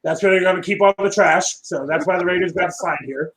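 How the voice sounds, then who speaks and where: Man near forty, high-pitched, sarcastic and swearing, sports talk on a call. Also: brisk, fairly bright tone, poor audio. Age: 30s. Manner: dry, sarcastic, profane. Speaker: co-host. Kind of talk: casual sports podcast banter. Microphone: remote call.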